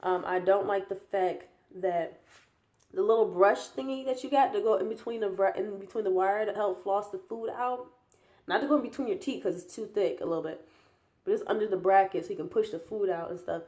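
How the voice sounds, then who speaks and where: A woman's voice: medium pitch, brisk, mellow. A young woman talking casually in a rambling vlog update, tired and yawning, with a slight lisp from new braces. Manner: chatty, rambling, with many fillers and restarts. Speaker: vlogger.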